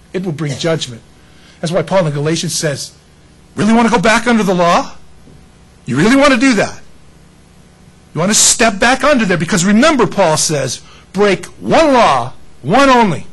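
A man's voice: on the high side, slightly rough, rough recording. A man preaching a sermon in a conversational style, peppering it with rhetorical questions and folksy asides. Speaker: pastor.

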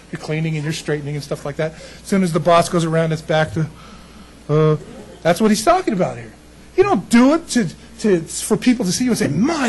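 A middle-aged male pastor preaching casually, telling a story with folksy, animated humor. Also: high-pitched, a little hiss or hum, rough recording. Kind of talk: casual sermon with personal story.

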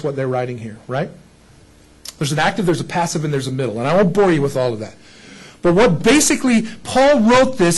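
A man's voice: high voice, rough recording. A male pastor preaching a casual sermon to a congregation, often putting rhetorical questions to his listeners. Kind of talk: conversational sermon.

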